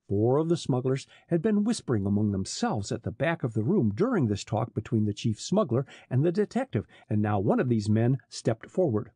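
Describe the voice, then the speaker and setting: A man narrating an adventure audiobook in an expressive reading style. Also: medium pitch, fairly quick, few pauses, husky, no room sound, clean studio sound. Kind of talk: scripted narration.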